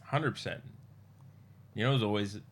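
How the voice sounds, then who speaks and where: Man, young adult, podcast host; low voice, loose joking banter with plenty of swearing. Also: normal speed, a little hiss or hum. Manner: swearing, joking, tells anecdotes. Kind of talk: casual chat.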